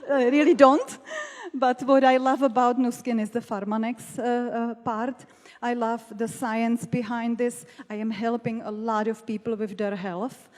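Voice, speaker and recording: A woman's voice: fairly high pitch, darkish tone. A woman panelist, a doctor turned network marketer, telling her own story candidly on stage, laughing often and getting emotional. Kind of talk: personal testimony on a stage panel. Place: large hall at a business event. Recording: reverberant hall.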